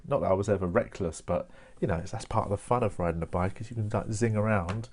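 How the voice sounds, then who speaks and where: Low-voiced chatty comic. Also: male voice, steady tone, rapid-fire, a little mellow, a little hiss or hum. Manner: chatty, laughs often, slips in mate and innit. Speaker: stand-up comedian. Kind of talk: stand-up storytelling without an audience. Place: home, performing to a camera online.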